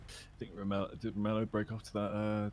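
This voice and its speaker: A man's voice: on the low side, monotone, fairly quick, darkish tone, a little hiss or hum. Joking man in police roleplay. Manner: joking and teasing. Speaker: fellow police roleplay player. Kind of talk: casual in-game roleplay chat.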